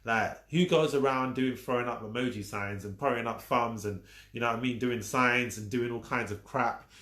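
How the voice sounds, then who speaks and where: Guy doing a live stream lesson, mid pitch, keeps repeating stuff for emphasis, echoey room. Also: moderate pace, bright, forceful tone. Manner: emphatic and repetitive, teasing the viewers. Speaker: social media coach hosting a live stream. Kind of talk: casual live-stream teaching. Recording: roomy echo.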